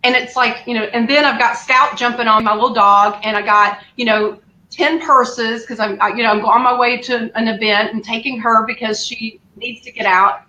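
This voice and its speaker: A woman, candidly telling a lively story as an interview guest, acting out the lines she quotes. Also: a little high, moderate pace, lo-fi sound, slight background noise. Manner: animated, acts out quotes, laughs often. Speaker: guest caring for her mother. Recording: echoey room.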